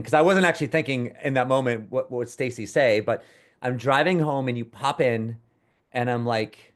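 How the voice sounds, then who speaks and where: A man co-hosting, telling a long personal story in a rambling, animated way with many restarts. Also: medium pitch, moderate pace. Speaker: co-host. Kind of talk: casual storytelling.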